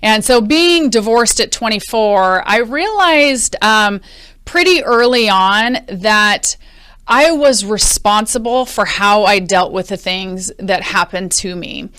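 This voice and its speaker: A woman hosting a podcast interview, chatty and quick to laugh. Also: mid-range voice, lively intonation, fairly bright tone, smooth. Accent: American. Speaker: podcast host.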